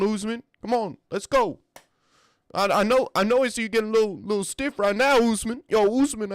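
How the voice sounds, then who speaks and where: A man's voice: high voice, no room sound, pitched above the performer's own voice, close to an everyday voice. A man putting on the voice of a pumped-up male fighter who repeats his taunts again and again, recorded dry and close. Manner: repetitive, pumped-up trash talk.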